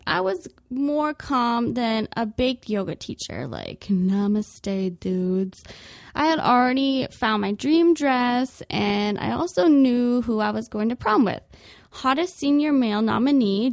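A woman's voice: a little high, gravelly, dry recording, studio quality. Sarcastic young woman telling comic stories. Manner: sarcastic, animated storytelling. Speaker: podcast host. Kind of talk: comedic monologue. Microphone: podcast microphone.

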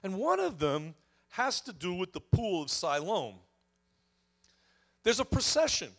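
A man's voice: high voice, very animated, measured pace. A man preaching a sermon, telling a scripture story and swelling then dropping his voice for emphasis. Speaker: pastor.

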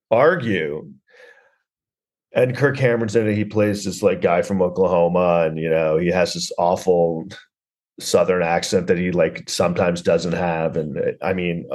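A man hosting a podcast, rambling sarcastically through a comedic movie review. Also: fairly low pitch. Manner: rambling, sarcastic, lots of restarts and "like". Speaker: podcast host.

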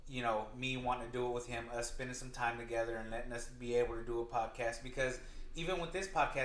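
A man in his thirties co-hosting a podcast in casual chat, loud, slangy and jokey. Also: medium pitch, echoey room. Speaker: podcast co-host.

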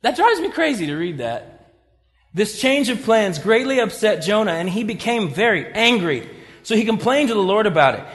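A man's voice: high-pitched, sing-song, normal speed, a bit bright, in a large hall. A man preaching a sermon, talking conversationally and acting out scripture stories as he retells them. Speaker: pastor.

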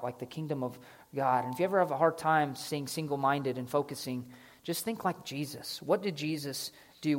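Casual, conversational male pastor. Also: fairly high pitch. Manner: casual, conversational preaching with lively voiced asides. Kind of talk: sermon.

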